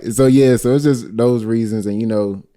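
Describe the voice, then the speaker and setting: A man in his thirties, a podcast guest in casual chat, easygoing and relaxed in how he talks. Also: medium pitch, normal speed, a crowd in the background. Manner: easygoing, relaxed, often saying "you know what I mean".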